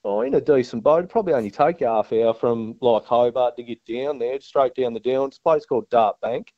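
Yarn-spinning Australian bloke, dull sound. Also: male voice, medium pitch, a little fast, dry recording. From Tasmania. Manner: broad, yarn-spinning, says mate a lot. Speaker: guest angler. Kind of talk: casual storytelling chat.

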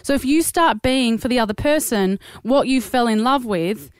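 A woman's voice: a little high, expressive, normal speed, clean tone, no room sound, studio quality. A woman co-hosting a podcast, speaking candidly and conversationally as she recounts what others said. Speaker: podcast co-host. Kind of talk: casual chat.

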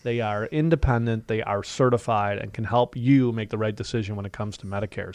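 A man co-hosting a financial talk radio show, pitching services with salesy energy and rising heat when riled up. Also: brisk, few pauses, a little mellow, no echo.

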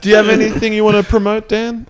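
A man's voice: sits high, completely flat delivery, fast talker, a crowd in the background. A man hosting a podcast, bantering crudely and joking with his guests. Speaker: podcast host. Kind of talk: casual chat.

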